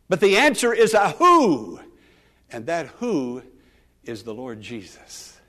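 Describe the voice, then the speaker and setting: A man pastor preaching a sermon, calling out with rising emotion and dropping to soft, quiet asides. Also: fairly high pitch, very animated, takes it slowly.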